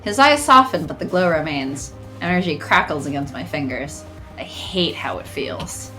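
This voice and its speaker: A woman's voice: sits low, expressive, moderate pace, sharp tone, faint music behind. A woman host reading a visual novel aloud, adding playful, jokey asides. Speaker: let's play host.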